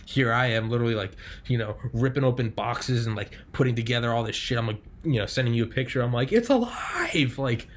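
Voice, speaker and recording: A man's voice: medium pitch, flat delivery, quick pace, hardly any pauses, slight background noise. A man hosting a podcast in casual chat, rambling and leaning on fillers and swearing. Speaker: podcast host.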